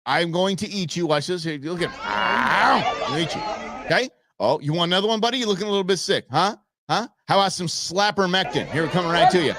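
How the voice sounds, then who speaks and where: A man hosting a show, giving playful, animated commentary over viral videos and talking back at the footage. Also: high voice, quick pace, a loud crowd, very noisy. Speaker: show host.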